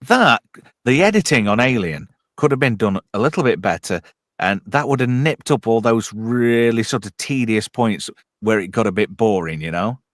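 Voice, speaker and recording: A blunt man hosting a loose podcast chat, swearing through his rants. His pitch swings up and down, and the sound is close and dry. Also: animated, normal speed, no room sound. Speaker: host.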